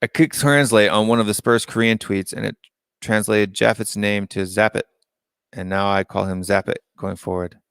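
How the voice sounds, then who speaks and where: American guy hosting a chill live stream, lowish gravelly voice, dry close mic, reads chat out and chews on it. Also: steady tone, moderate pace, fairly bright tone, no echo. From United States. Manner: reads out viewer comments and muses on them aloud. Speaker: live-stream call-in show host.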